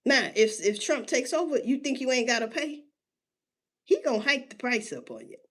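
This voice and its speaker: A woman ranting casually to her listeners in street slang, cursing freely and firing off rhetorical questions, with drawn-out emphasis and sudden jumps in pitch. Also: expressive, very noisy. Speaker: solo commentator. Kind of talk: casual rant.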